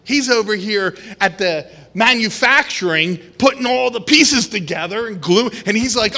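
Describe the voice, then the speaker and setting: A man delivers a sermon to his congregation in a high, bright voice. He speaks slowly and animatedly, acting out the voices of worried people and of God. The sound rings with a long hall reverb. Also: animated. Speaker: preacher.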